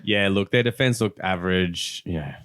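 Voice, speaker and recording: A man with a fairly low voice hosts a casual football podcast. He jokes around and swears now and then. The recording is close and dry. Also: moderate pace, fairly bright tone, no room sound. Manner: jokey, leads the segments. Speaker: podcast co-host. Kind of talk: casual chat.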